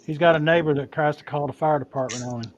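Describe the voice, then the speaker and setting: A man's voice: fairly high pitch, quick pace. A man in a casual chat, explaining things for the others. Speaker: livestream co-host. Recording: muffled audio with crowd noise.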